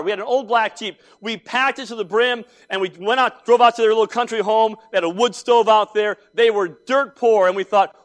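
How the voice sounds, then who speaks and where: A man in his fifties preaching a sermon, telling personal stories in an animated, emphatic way that swings from quiet asides to loud outbursts. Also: high voice, a little fast, few pauses. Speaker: pastor.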